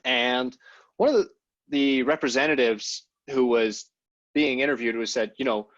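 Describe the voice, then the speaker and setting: A man's voice: medium pitch, moderate pace, fairly bright tone, no echo. Rambling man, lo-fi podcast audio. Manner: rambling, many fillers and hedges. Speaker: podcast co-host. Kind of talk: casual political discussion. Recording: dull lo-fi sound.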